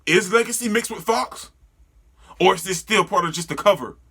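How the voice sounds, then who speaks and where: Excitable bright-voiced man reacting to manga. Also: high voice, normal speed, breathy edge. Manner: excitable, laughs and stumbles over names. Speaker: manga reader and reviewer. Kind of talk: casual reaction readthrough.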